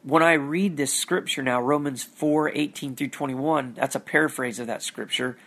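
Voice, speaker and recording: A man's voice: mid-range voice, moderate pace, fairly bright tone. A man giving an earnest, reflective talk about his faith, often searching for words and repeating phrases. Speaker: Christian vlogger.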